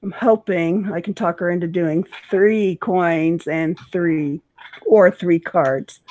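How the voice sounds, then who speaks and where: A woman's voice: lowish voice, steady tone, slow pace, darkish tone, slight background noise. A woman co-hosting a casual craft livestream chat, easygoing and playful.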